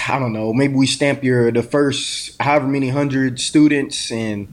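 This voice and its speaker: Man, mid pitch, guest on sports talk, hesitant, laid-back. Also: fairly even intonation, a little slow. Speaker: guest, former player.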